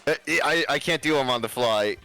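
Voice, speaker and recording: A man's voice: mid-range voice, normal speed, gravelly, bright, forceful tone, faint music behind. A flustered man chatting casually and giggling. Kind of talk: casual chat.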